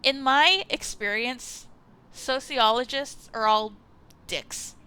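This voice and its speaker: A woman's voice: a little high, measured pace, pushed and bright, clean tone. A young woman streamer giving casual, rambling commentary while playing a story game. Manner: rambling, hesitant, chatty. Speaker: let's play streamer.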